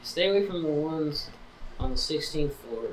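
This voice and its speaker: Rowdy laughing man with lively pitch. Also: moderate pace. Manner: rowdy, laughing, slurring tipsy character. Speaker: player. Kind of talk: playing a tabletop game in character. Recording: loud background noise.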